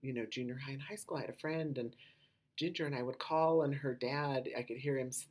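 A woman hosting a podcast with a low voice that gets mistaken for a man's, talking casually and rambling with lots of filler words. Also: a little fast, darkish tone. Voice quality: low voice often taken for a man's on the phone. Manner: rambling, many "you know" fillers. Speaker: podcast host.

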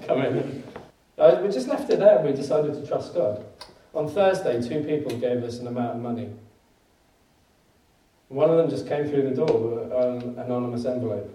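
A man delivers a sermon in a relaxed, storytelling way, with frequent laughs and emphatic peaks. His tone is mellow and warm. He is miked from some distance in a roomy church hall that echoes. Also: mid-range voice, moderate pace, slight background noise. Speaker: preacher. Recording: echoey room, mic at a distance.

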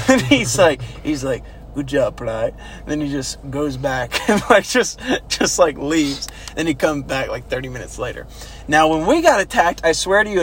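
A man telling army stories in a loose, laughing way, acting out the quotes. His voice sits a little high and swings widely in pitch. Faint background noise runs under the recording. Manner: laughing, animated, acts out quotes with big pitch jumps. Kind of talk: casual storytelling chat.

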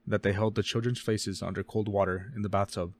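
A man co-hosting a casual true-crime podcast, reading case details fast and often stumbling and correcting himself. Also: fairly low pitch, fairly even intonation. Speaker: podcast co-host.

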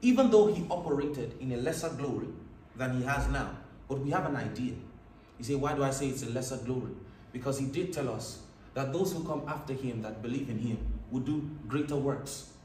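A man's voice: medium pitch, a little fast, darkish tone, a little hiss or hum. A man preaching a sermon, reading scripture aloud with rising emphasis between plain explanations. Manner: reads scripture in a raised, emphatic voice. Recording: echoey room, mic at a distance.

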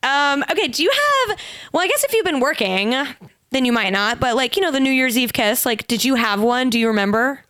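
A woman's voice: high-pitched, lively intonation, fairly quick, a bit bright, clean tone, no echo. A young woman hosting a podcast, asking bubbly questions full of fillers in casual interview. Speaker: podcast host.

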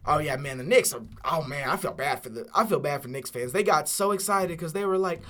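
A young man co-hosting a casual sports podcast, whiny and exasperated, now and then bursting into loud outcries. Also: a little high, animated, a little fast. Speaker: podcast co-host, Lakers fan.

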